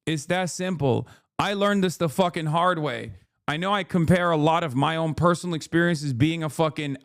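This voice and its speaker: A man's voice: fairly high pitch, clear, resonant tone, no echo, clean studio sound. A male streamer ranting in casual commentary, swearing often and hammering his points with a repeated "okay?". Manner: profane, emphatic, keeps asking "okay?".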